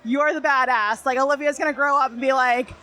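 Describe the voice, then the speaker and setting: Woman interviewer from New Jersey, high and bright, upbeat and chatty. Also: steady tone, fairly quick. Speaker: podcast interviewer. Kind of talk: casual interview chat.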